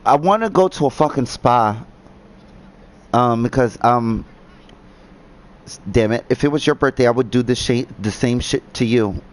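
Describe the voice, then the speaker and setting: A medium-pitched man from New Jersey chats casually while gaming. He speaks in halting starts, full of fillers and restarts.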